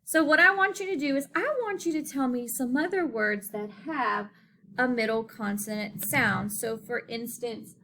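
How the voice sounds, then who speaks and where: A woman teaching a phonics lesson to children, enunciating slowly and clearly and often checking in with "okay?". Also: fairly high pitch, bright, forceful tone, slight background noise.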